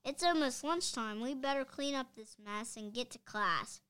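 A woman's voice: sits high, normal speed, a bit bright, smooth, no room sound. A woman reading aloud as a mischievous young schoolboy, eager and a bit bossy.

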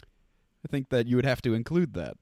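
A man's voice: medium pitch, big pitch swings, normal speed, mellow, no room sound, clean studio sound. A man co-hosting a podcast, riffing playfully and laughing often in casual chat. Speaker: podcast co-host.

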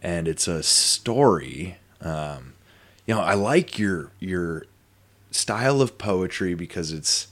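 A man's voice: low-pitched, lively intonation, slow, fairly bright tone. A man hosting a podcast, telling a long story in a rambling, casual way full of fillers and asides. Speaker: podcast host. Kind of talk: casual conversation.

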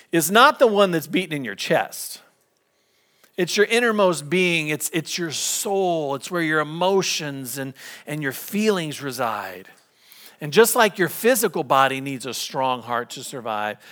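A middle-aged man preaching a sermon as pastor, conversational and storytelling, slipping into lively impressions. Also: a little high.

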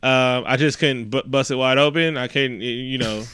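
A man recapping a movie in a casual, profane way, animated and acting out the scenes. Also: mid-range voice, normal speed, clean tone, no room sound, clean studio sound. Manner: animated, swears heavily, acts out scenes.

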